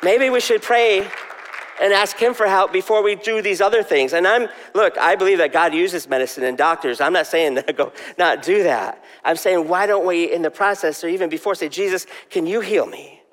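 A man's voice: high-pitched, moderate pace, fairly bright tone, big-room sound, a faint crowd. A male pastor preaching a sermon in a conversational way, asking the congregation questions.

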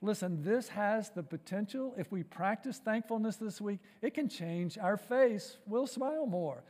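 A man's voice: high-pitched, expressive, unhurried, darkish tone, big-room sound. A man preaching a sermon as pastor, fervent and full of rhetorical questions, often saying "listen" and "right?". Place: church sanctuary.

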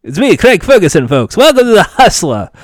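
A man's voice: high voice, sing-song, brisk, no room sound, studio quality, pitched above the performer's own voice. A man doing a hammy fake-Scottish late-night host. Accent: attempted Scottish. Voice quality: loose, jokey put-on accent.

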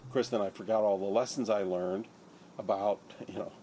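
A man's voice: lowish voice, steady tone, fairly quick, warm tone, a little hiss or hum. An older man, a surgeon, recounting his story in an interview, acting out the lines of others. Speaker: interviewee, neurosurgeon.

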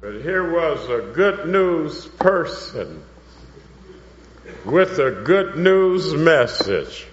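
A man's voice: a little high, very animated, drawn-out words, slight background noise. A man preaching a sermon with personal testimony, fervently building to emphatic cries. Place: church hall. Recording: dull, reverberant hall recording.

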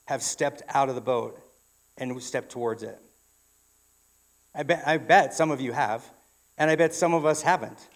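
A man's voice: fairly high pitch, moderate pace. A man preaching a sermon in a church, telling a story in a conversational way with frequent restarts. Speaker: pastor.

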